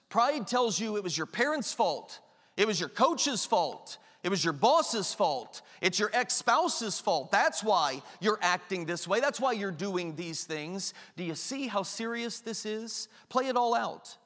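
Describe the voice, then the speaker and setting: A man's voice: high voice, very animated, unhurried, a bit bright, in a large hall. A man preaching a sermon as pastor, emphatic and repetitive, full of rhetorical questions.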